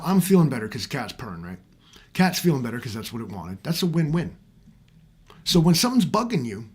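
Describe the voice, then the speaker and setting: A man's voice: medium pitch, slightly rough. A man ranting casually to his viewers in a vlog, rambling and swearing often as he talks straight to them. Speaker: vlogger. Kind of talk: casual rant to camera.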